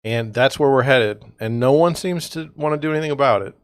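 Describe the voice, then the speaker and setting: A man's voice: mid-range voice, brisk, clear, resonant tone, no echo, studio quality. A man hosting a real estate livestream, talking in a rambling, exasperated way with sarcastic asides, sounding tired. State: tired, yawning. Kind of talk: casual livestream monologue.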